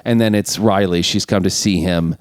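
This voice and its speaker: A man's voice: low-pitched, fairly even intonation, normal speed. A man co-hosting a podcast, casually retelling film scenes and acting out the lines with laughs. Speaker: podcast co-host. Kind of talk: casual chat recapping a film.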